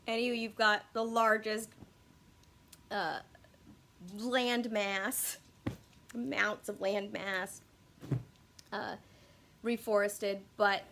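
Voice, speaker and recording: A woman's voice: medium pitch, a bit bright. A young woman talking casually to her viewers in a rambling, profane, self-deprecating way, often losing her words and restarting. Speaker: YouTube commentator. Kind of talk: casual unscripted video monologue.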